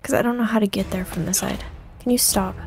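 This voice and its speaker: A woman's voice: mid-range voice, steady tone, quick pace, vocal fry, soft background music. A woman giving let's play commentary while gaming, panicky and self-mocking, often repeating herself. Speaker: gaming streamer.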